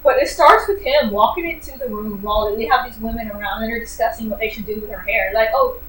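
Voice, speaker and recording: A woman with a fairly high voice reviews a book casually, talking fast in an animated, sarcastic way full of fillers. She's some distance from the mic in a roomy, echoey space with faint background noise.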